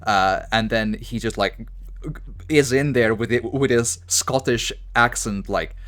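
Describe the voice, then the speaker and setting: A man's voice: medium pitch, a little slow, fairly bright tone. A man commenting casually while playing a game, rambling and stammering through a rant. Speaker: gaming streamer. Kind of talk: casual let's-play commentary.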